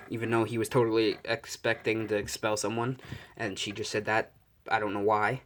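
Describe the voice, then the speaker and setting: A young man improvising a fan story out loud, rambling and correcting himself, swearing casually. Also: fairly low pitch, flat delivery, brisk, slight background noise.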